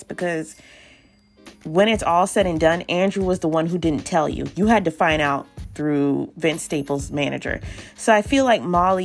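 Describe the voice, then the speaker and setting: Blunt, exasperated woman podcast host. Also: on the low side. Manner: exasperated, blunt, swears often. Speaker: podcast host reviewing a TV episode. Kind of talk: casual, profane recap and rant.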